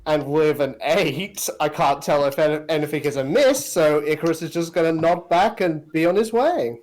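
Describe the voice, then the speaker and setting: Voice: mid-range voice, normal speed, darkish tone. A player in a live tabletop game, chatting casually about their character.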